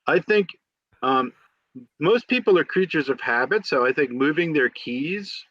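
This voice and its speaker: A man's voice: fairly high pitch, animated, measured pace, no room sound. Wry man on a dull remote call. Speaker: co-host. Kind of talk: casual live-stream chat.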